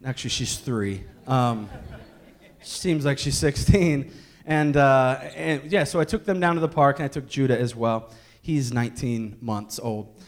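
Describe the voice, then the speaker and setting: A man's voice: mid-range voice, measured pace. A man in his thirties, a pastor telling a candid family story in a sermon with jokes and restarts. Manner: candid, joking, many restarts.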